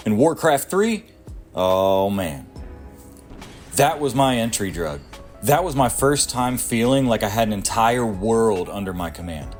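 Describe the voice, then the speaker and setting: A man's voice: on the low side, lively intonation, unhurried, soft background music. A man in his thirties reading a scripted video essay about strategy games, sardonic and crude, with punchy asides. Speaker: gaming video creator.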